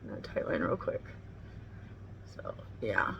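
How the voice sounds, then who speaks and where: A woman's voice: unhurried, fairly bright tone, muffled recording, a little hiss or hum. A middle-aged woman chatting bluntly and casually while doing her makeup at home, swearing freely as she talks. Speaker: beauty vlogger. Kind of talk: casual get-ready-with-me chat. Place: home room near the kitchen.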